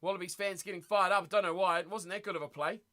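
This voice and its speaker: A man hosting a live watch party stream, reacting excitedly to a rugby match and chatting with viewers. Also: high voice, quick pace. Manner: excitable, chatty, reads viewer messages aloud.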